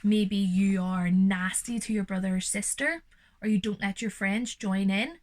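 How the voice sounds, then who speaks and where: A young woman reading a picture book aloud to young children and explaining it gently and reassuringly, as their teacher. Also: mid-range voice, measured pace.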